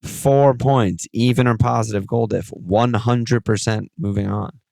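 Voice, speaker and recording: A man hosting a podcast alone, talking in an excitable, rambling way and swearing often. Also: mid-range voice, measured pace, vocal fry, no echo. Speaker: podcast host. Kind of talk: solo casual podcast talk.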